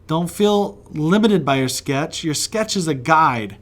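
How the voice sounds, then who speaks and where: A man's voice: fairly high pitch, animated, slow pace. Upbeat man teaching kids to draw. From West Virginia. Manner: friendly, chatty, encouraging, laughs often. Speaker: kids' art teacher. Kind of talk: drawing lesson for children.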